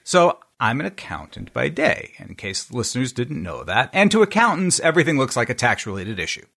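Lively-voiced American man co-hosting. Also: mid-range voice, brisk, vocal fry. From United States. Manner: wry, jokey delivery of a prepared segment. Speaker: podcast co-host. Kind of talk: casual panel chat.

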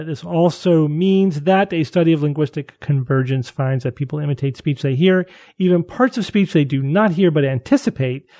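Mellow-voiced man explaining science casually. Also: fairly high pitch, dry recording. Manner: explains at length with frequent restarts.

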